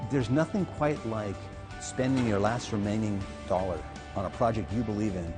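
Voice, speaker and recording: A man's voice: lowish voice, moderate pace. A man interviewed as an investor, speaking in an enthusiastic, admiring way. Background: music.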